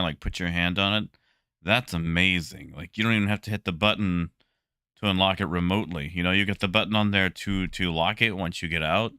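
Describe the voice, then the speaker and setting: A young man casually chatting with his stream viewers, relaxed and talkative, greeting people by name. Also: low-pitched, clear, resonant tone, no room sound, clean studio sound. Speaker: livestreamer.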